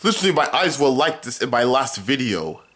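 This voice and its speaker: A young man vlogging at home, dramatic and whiny, swinging between loud complaints and mutters. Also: medium pitch, very animated, brisk. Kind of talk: casual home vlog.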